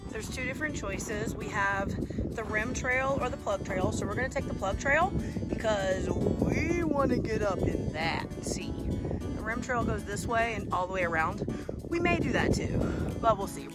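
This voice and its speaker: A woman vlogging outdoors while hiking a trail, out of breath and gushing with excitement to her camera. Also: medium pitch, normal speed. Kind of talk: hiking vlog narration to camera. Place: outdoors on a volcanic crater trail. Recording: music playing behind.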